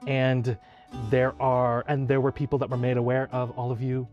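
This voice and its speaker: A man narrating as game master in a tabletop game, often pausing with fillers. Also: mid-range voice, monotone, a little mellow, highs cut off, soft background music. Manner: hesitant, many fillers.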